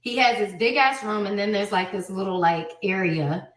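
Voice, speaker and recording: A woman telling a personal story in an animated way, repeating herself and quoting others. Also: mid-range voice, moderate pace, echoey room. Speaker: guest telling her story. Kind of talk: emotional storytelling clip.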